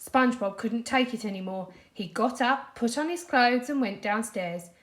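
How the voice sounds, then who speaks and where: A primary school teacher with a British accent reading a storybook aloud to children, expressive and animated. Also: female voice, fairly high pitch, moderate pace. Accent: British English.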